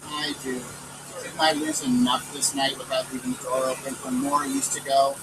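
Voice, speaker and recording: A man reading aloud outdoors, voicing a frightened widow mother who pleads and laments slowly, recorded from a distance with traffic behind. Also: rumbling low, expressive, voice pushed down. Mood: mournful.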